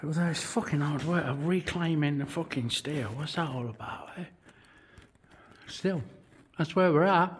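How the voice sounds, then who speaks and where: The metal fabricator's voice is a little high and unhurried here, with slight background noise. He narrates his workshop vlog casually, bluntly explaining the metalwork with lots of swearing and occasional breathlessness.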